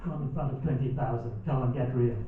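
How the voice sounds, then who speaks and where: A man doing a stand-up comedy set on a theatre stage, with dry, deadpan, mock-serious delivery and audience laughter behind him. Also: mid-range voice, quick pace, slight background noise. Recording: echoey, distant, phone-like live hall recording.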